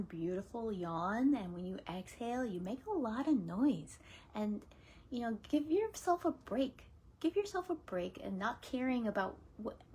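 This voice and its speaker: A woman teaching laughter yoga in a casual, gentle coaching way, often dropping into whispers and playful laughs. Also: mid-range voice, vocal fry, breathy edge. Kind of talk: casual spoken guidance.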